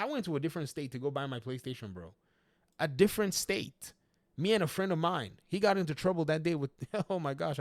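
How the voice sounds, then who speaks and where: A man's voice: on the high side, dry recording, studio quality. A man giving casual, chatty commentary on video games, often laughing and talking straight to his viewers. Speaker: YouTube gaming commentator.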